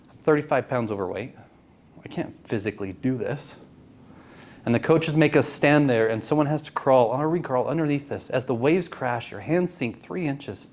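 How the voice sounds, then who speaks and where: A man in his late thirties telling a personal story to a networking group, earnest and often asking the audience questions. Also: medium pitch. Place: meeting room.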